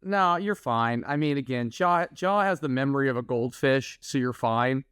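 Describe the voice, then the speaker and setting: A man's voice: medium pitch, moderate pace, clear, resonant tone, no echo, studio quality. A man from Oklahoma, a podcast co-host telling stories in casual chat. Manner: storytelling, animated.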